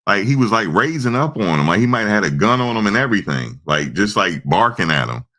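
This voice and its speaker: Animated low-voiced man telling stories. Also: fast. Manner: animated, acts out voices with sudden high-pitched outbursts; profane, laid-back slangy talk. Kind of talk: casual storytelling.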